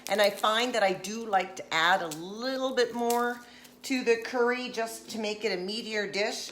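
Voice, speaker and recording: A woman's voice: mid-range voice, a bit bright, a little hiss or hum. A chatty, jokey woman, cooking in her home kitchen while chatting on a live stream. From Nova Scotia, Canada. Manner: chatty and jokey, slips into put-on silly voices. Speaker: vlogger.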